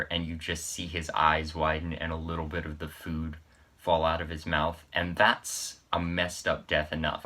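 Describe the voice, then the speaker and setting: Low-voiced guy rambling happily about a gross movie kill, bright edgy tone. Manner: enthusiastic, rambling, amused by gore. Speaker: horror vlogger. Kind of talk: casual horror movie recap.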